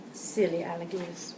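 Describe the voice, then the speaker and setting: A woman reading a picture book aloud to children, pausing to point at pictures and explain words. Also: fairly low pitch, mellow. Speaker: storyteller. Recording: roomy, from a distance, faint background noise.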